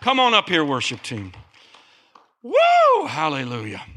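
A man preaching a sermon as pastor, animated, with big pitch swings and calls for amen. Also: measured pace.

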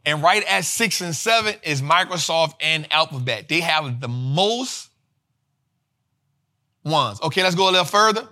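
High bright-voiced man, animated commentary. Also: a little slow. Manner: animated, repeats lines for emphasis, slangy. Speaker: finance show host. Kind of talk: energetic casual commentary.

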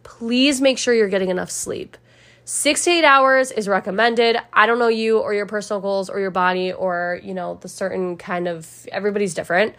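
A woman's voice: medium pitch, steady tone, moderate pace, a bit bright. Chatty upbeat woman podcast host. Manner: chatty, upbeat, talks straight to listeners. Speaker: personal trainer. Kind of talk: casual solo podcast talk.

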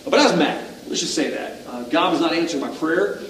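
A man's voice: fairly high pitch, expressive, brisk, a bit bright, slight background noise. A middle-aged male pastor preaching a sermon in a conversational, self-deprecating way, asking the audience questions. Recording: echoey room, distant mic.

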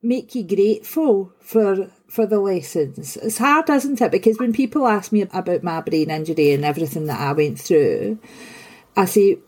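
Woman host, warm mellow voice, reflective, probing questions, conversational. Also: mid-range voice, expressive, normal speed, slightly rough. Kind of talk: conversational interview.

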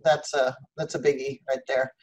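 A man's voice: medium pitch, flat delivery, normal speed, a little mellow. A man hosting an interview, adding brief encouraging remarks. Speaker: host.

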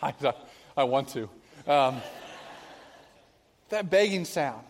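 Pastor, male, high voice, chatty sermon delivery, long hall reverb. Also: lively intonation, slow pace, pauses often, slight background noise. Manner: conversational preaching, asks the congregation questions. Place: church venue with a cafe.

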